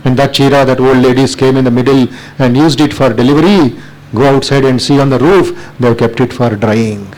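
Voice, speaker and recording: A man with an Indian accent voicing a poor young tribal mother who pleads slowly and softly. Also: mid-range voice, close to an everyday voice. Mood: ashamed.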